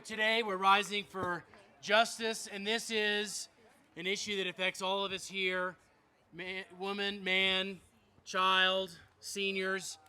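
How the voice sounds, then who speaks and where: Legislator guy giving a rally speech, really bright and forceful, earnest. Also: sits high, smooth. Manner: earnest, rousing public address. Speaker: state legislator.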